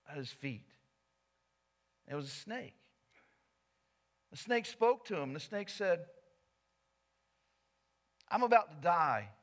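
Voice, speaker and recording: Earnest storytelling pastor, bright voice. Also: male voice, sits high. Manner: earnest storytelling, shifts from soft to loud. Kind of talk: sermon. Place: church sanctuary.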